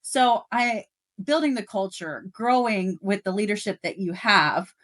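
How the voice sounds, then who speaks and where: A middle-aged woman, a guest on a podcast, telling work stories in animated casual chat with plenty of fillers. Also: medium pitch, unhurried. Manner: animated storytelling, rising excitement, many fillers. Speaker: guest, dealership service manager.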